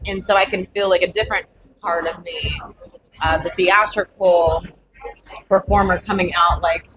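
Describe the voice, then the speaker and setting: A woman's voice: fairly low pitch, steady tone, normal speed, crowd noise, rough recording. A woman comedian, a guest on a podcast, chatting casually and rambling with lots of filler words.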